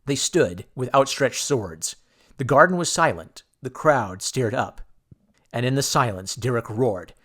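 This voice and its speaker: Guy reading an old pulp sci-fi audiobook, first person, dramatic and steady, normal pitch. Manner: measured, dramatic storytelling. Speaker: audiobook narrator. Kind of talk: scripted first-person narration.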